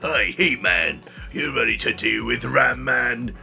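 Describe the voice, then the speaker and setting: A man voicing a short, strong male cartoon warrior with a gruff British accent. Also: mid-range voice, expressive, a little slow, bright, forceful tone, soft background music, voice pushed down, exaggerated voice. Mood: cocky.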